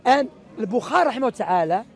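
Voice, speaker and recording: A man's voice: very high-pitched, animated, very fast, a faint crowd. A man, a street preacher, arguing emphatically in an impromptu outdoor debate, mixing in religious Arabic phrases. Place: outdoors in a city park.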